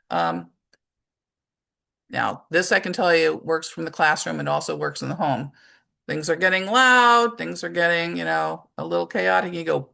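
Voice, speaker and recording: A middle-aged woman presenting a parenting workshop in a conversational way, acting out short examples and filling her pauses with "um". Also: fairly low pitch, vocal fry, sharp tone. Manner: conversational, with many fillers and acted-out examples. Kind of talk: informal presentation talk.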